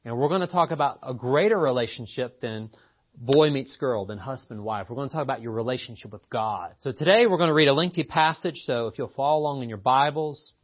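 A man from Appalachia preaching a conversational sermon, telling stories and joking with his guests. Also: medium pitch. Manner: folksy, storytelling, jokes with guests. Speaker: pastor. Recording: slightly muffled recording.

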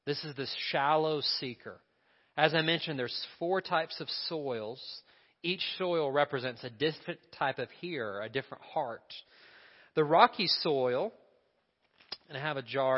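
A male pastor with a slightly raised voice preaches in a relaxed, conversational way, often turning to the congregation with questions and side remarks. The voice rings with a long hall reverb, and the recording is dull and lo-fi. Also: a little high. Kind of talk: sermon.

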